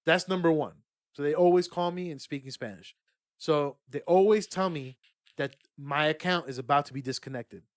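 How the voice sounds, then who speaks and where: A young man co-hosting a podcast, telling stories in an excitable, swearing, casual way. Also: a little high, normal speed, no room sound, clean studio sound. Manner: excitable, swears a lot, laughs through punchlines. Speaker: podcast co-host. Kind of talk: casual chat, animated storytelling.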